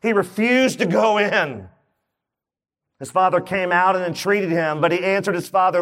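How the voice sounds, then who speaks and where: A man's voice: high-pitched, moderate pace. A man preaching a sermon, retelling a Bible story and acting out its characters' voices. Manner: acts out the story's voices with rising excitement. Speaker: pastor.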